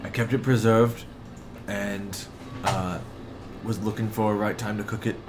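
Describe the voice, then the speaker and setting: A man's voice: on the low side, fairly even intonation, a little slow, noisy background, close to an everyday voice. A man voicing a male ship's cook who is proud of his rare catch, in a plain, matter-of-fact way, with music behind.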